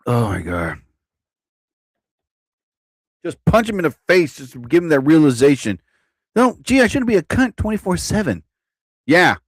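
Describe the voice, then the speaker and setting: A man's voice: fairly high pitch, sing-song, moderate pace, pauses often, no echo. A man hosting a live stream, ranting in a rambling, profane way and often repeating himself. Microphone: own desk mic.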